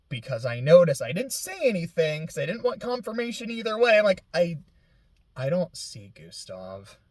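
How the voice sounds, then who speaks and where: A man's voice: sits high, no room sound. Rambling young man, dry close sound. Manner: rambling, filler-heavy, laughs through near tears. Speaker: video game commentator. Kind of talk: casual gaming chat.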